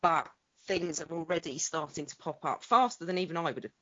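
A woman co-host chatting excitedly over an internet call, with halting restarts. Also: sits low. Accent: foreign to the host. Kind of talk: casual chat.

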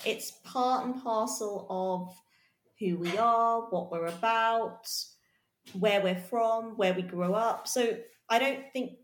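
A woman from England co-hosting a podcast in casual, animated chat. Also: a little high, echoey room. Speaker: podcast co-host. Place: London.

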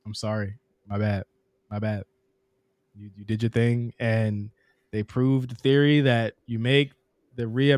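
A young man co-hosting a casual wrestling podcast, talking fast and profanely and laughing often. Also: mid-range voice, dry recording, studio quality. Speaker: podcast co-host.

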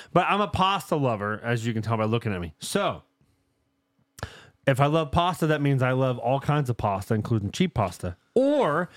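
A man's voice: medium pitch, no echo, clean studio sound. A man hosting a casual podcast, telling stories with lots of swearing and laughter. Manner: profane, storytelling, laughs often. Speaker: podcast host.

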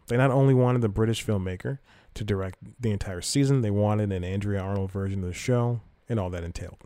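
Low, dark-voiced man rambling on the news. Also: fast talker, no echo. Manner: rambling, self-correcting, reads news aloud with asides. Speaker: podcast host. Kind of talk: casual news commentary.

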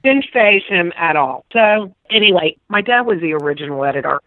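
A woman's voice: lowish voice, lively intonation, fairly quick, no echo, narrow, tinny audio. A talkative, emotional middle-aged woman from Pittsburgh, the guest on an interview show, telling her story with lots of restarts. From Pittsburgh, United States. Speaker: guest, author and former caregiver. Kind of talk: casual interview conversation.

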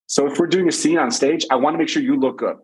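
A man talking as a guest on a conversational show, giving relationship advice through lively personal stories and repeated phrases. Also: a little high, fast, breathy edge, poor audio. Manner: animated storytelling with repeated phrases.

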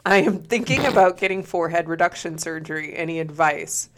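A young woman co-hosts a podcast in relaxed, joking chat, with a voice a bit lower than most women's. She swears casually and laughs easily. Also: fairly quick, a little hiss or hum. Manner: joking, loud laughs, slips into mock accents. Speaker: podcast co-host.

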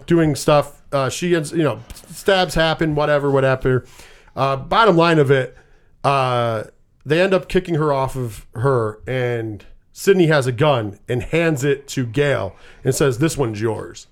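A man's voice: mid-range voice, unhurried. A man casually recapping a movie plot, cursing freely and rambling as he retells scenes. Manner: profane, rambling storyteller.

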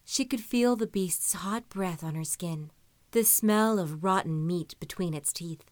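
A woman narrating a story in an even, measured reading voice. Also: fairly low pitch, dry recording. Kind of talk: audiobook-style story reading.

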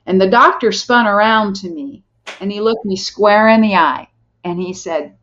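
A woman's voice: mid-range voice, normal speed, fairly bright tone, muffled recording. A middle-aged woman telling a personal story as a podcast guest, earnest and heartfelt, often restarting her sentences.

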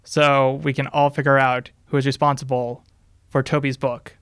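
A man's voice: mid-range voice, flat delivery, normal speed, a bit bright, smooth, no echo, studio quality. A man running a game segment on a book podcast, giving theatrical, mock-dramatic intros. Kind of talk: casual book podcast chat.

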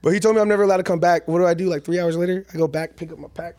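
A young man guesting on a casual podcast, his voice sitting a little high. He talks quickly and tells animated stories packed with swearing. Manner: animated storytelling, heavy swearing. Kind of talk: casual chat.

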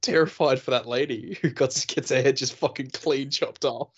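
A man's voice: medium pitch, moderate pace, slightly rough, highs cut off. A man co-hosting a casual film-review podcast, laughing often, swearing freely and mimicking characters as he talks. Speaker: podcast co-host.

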